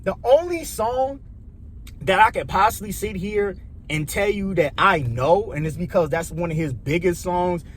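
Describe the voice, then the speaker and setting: A man's voice: high-pitched, lively intonation, normal speed, slight background noise. A young man from Chicago with a Chicago accent, ranting in a loose, profane, rambling way that repeats itself. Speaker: vlogger. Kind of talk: casual opinion rant.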